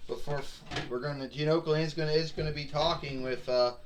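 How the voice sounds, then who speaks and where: A man's voice: a little high, fairly even intonation, quick pace, noisy background. Man rambling through toy wrestling commentary. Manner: rambling, restarts sentences. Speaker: play-by-play narrator.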